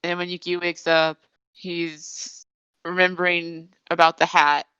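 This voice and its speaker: A woman's voice: on the low side, level tone, a little slow, sharp tone, clear, resonant tone, no room sound, muffled recording. A woman podcast host in casual chat, recapping an episode in a rambling storytelling way with lots of fillers. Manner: chatty storytelling with many fillers.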